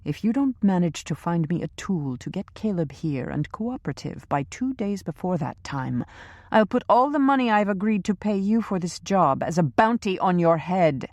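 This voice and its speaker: A woman's voice: lowish voice, animated, moderate pace, dry recording, pitched above the performer's own voice. Brief: a woman as an imperious, sarcastic villainess giving orders in a thriller audiobook, dry sound. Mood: threatening. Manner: sharp, sarcastic, commanding. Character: scheming ruthless woman boss, imperious and cruel. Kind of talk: audiobook character reading.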